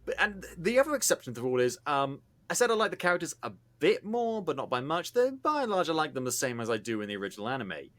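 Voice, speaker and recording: A man's voice: fairly high pitch, very animated, fast, hardly any pauses, a bit bright. A man co-hosting a casual podcast chat, talking in an emphatic, teasing way. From not American. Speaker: podcast co-host.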